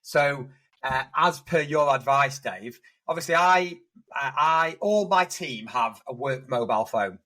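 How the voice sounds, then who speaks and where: A man's voice: medium pitch, expressive, measured pace, pushed and bright, rough recording. A man co-hosting a casual podcast, telling rambling work anecdotes with lots of restarts. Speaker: podcast co-host, estate agent.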